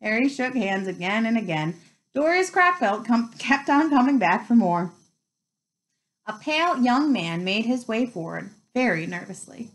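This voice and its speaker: A woman's voice: on the high side, expressive, moderate pace, low-quality recording. A woman reading a children's novel aloud, telling the story expressively. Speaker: reader.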